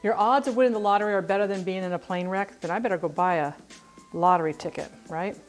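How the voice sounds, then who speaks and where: This middle-aged cooking livestreamer talks fast in a medium-pitched voice, faint music playing behind her. She chats casually as she cooks, wandering between topics and running herself down.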